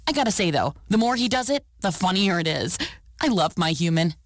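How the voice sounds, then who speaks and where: A woman's voice: lowish voice, very animated, fairly quick, no echo, clean studio sound. A woman voicing a cheerful amused pet dog. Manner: playful, wry storytelling. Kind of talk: radio ad voice acting.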